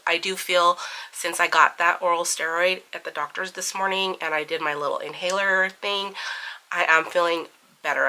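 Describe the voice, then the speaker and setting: A woman's voice: on the low side, pushed and bright, low-quality recording. A woman hosting a budgeting channel, talking casually with lots of fillers while counting cash aloud, recovering from bronchitis. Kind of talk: casual chat.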